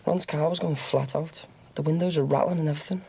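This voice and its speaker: A man's voice: fairly high pitch, fairly even intonation, quick pace, vocal fry, darkish tone, husky. An actor playing a cocky young ex-con who brags about his violent exploits with a swaggering chuckle. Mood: boastful. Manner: boastful swaggering storyteller, chuckling. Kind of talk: TV soap drama.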